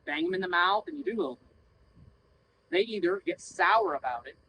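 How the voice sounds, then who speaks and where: His high-pitched voice is bright and forceful, with lively intonation and a slightly fast pace. He's a horse trainer coaching bluntly while riding in a training session, cursing freely and mimicking little voices to get his point across. The audio is poor, with some faint background noise.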